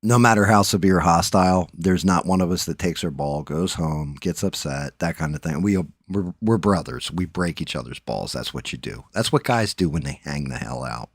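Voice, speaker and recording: Profane, rambling middle-aged man with a low voice. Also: moderate pace, few pauses, dry recording, studio quality. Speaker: livestream host. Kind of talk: casual live-stream chat.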